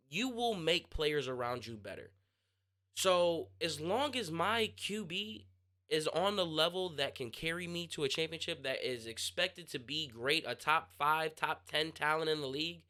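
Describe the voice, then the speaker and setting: A young man hosting his own sports podcast, talking casually and answering listener questions, pausing and restarting mid-thought as he works out what he wants to say. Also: on the high side, pushed and bright. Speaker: podcast host.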